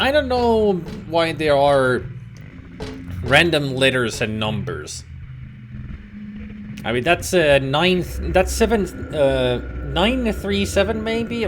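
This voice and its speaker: A man's voice: medium pitch, background noise. A man streaming a game, thinking aloud with fillers as he plays, with game music behind him. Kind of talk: casual gameplay commentary.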